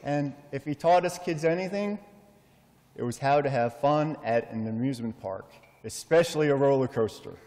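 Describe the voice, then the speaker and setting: A middle-aged man giving a heartfelt funeral eulogy for his father, measured and full of storytelling pauses. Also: medium pitch, warm tone. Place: memorial service in a large hall. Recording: long hall reverb.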